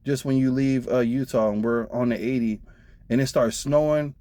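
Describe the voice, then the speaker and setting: A man's voice: mid-range voice, steady tone, moderate pace, mellow, no echo. Trucker dude ranting about his old trainer, aave, lots of cussing, dry close mic. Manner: profane, blunt, heated. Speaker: truck driver vlogger. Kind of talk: casual storytelling rant.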